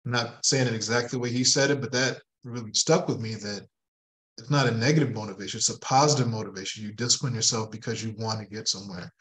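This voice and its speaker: A man in a team meeting, sharing his reflections in a thoughtful, measured, slightly halting way. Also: on the low side, fairly even intonation, fairly bright tone, rough recording. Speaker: team member. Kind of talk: casual group discussion.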